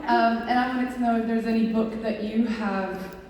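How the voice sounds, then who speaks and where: A woman's voice: on the high side, fairly even intonation, moderate pace. A woman from London asking a question from the audience at a convention, earnest with nervous laughs. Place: large convention hall. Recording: echoey hall from far off with loud crowd. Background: audience noise.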